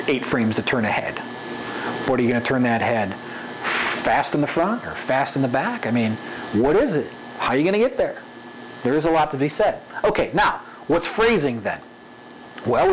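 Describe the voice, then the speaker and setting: A man's voice: medium pitch, slight background noise, low-quality recording. A man teaching animation in a casual spoken tutorial, checking in often with "okay?" and repeating an example sentence with varied emphasis. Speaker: animation instructor.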